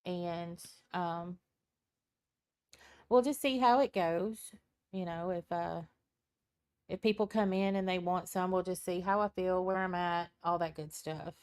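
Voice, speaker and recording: Slow-talking tired woman live-streamer. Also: on the low side, steady tone, a little mellow, clean tone. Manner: chatty, greets viewers by name, frequent ums and laughs. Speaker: live-stream tarot reader. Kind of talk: casual live-stream chat. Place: at home at her computer with a small fan running. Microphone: computer mic.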